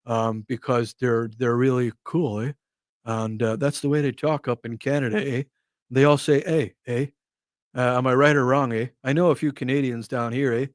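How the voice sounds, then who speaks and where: A man's voice: medium pitch, fairly even intonation, moderate pace, dry recording, clean studio sound, close to an everyday voice. A man putting on a chummy "eh"-saying Canadian. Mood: teasing. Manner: teasing, sing-song "eh" tags. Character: mock Canadian man, chummy, ends lines with "eh".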